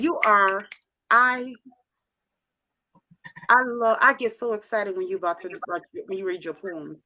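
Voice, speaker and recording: A woman hosting a live stream, chatting casually in an excitable, gushing way. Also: medium pitch, slow pace, long pauses.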